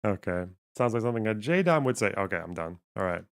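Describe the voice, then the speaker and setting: A man's voice: fairly low pitch, very animated, fast talker, clean tone. Laughing male streamer reading chat. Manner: laughs often, reads chat and academic text aloud. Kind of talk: casual live-stream commentary.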